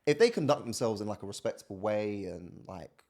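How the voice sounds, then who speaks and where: Laid-back guy, lively pitch. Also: fairly quick, creaky. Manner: laid-back slangy storytelling, acts out relatives' voices. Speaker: podcast guest. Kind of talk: casual podcast chat.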